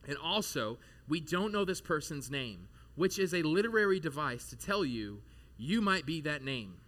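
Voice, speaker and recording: A man in his thirties delivers a sermon in a church, his voice bright and edged, sitting a little above the usual male pitch. He talks to the congregation in a loose, animated way, tossing in casual asides as he goes. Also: moderate pace. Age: 30s. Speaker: pastor.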